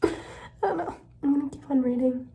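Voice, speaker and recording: A woman's voice: high-pitched, a little fast, gravelly, poor audio. Teenage girl ranting in a book vlog. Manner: candid and dramatic, shifting between whispering and loud complaint. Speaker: book vlogger. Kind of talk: casual reading vlog. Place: bathroom.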